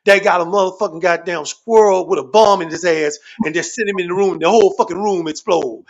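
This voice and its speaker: High-voiced man on a profane rant. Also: fairly quick, highs cut off. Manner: animated, repetitive, swearing constantly, comic exaggeration.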